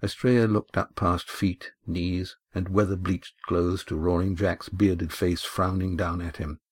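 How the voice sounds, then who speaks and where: A man with a low voice reads an audiobook chapter in a measured, even manner. The sound is close and very dry, with no room heard around him, and he is on a studio mic. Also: no echo. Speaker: narrator. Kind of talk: audiobook narration.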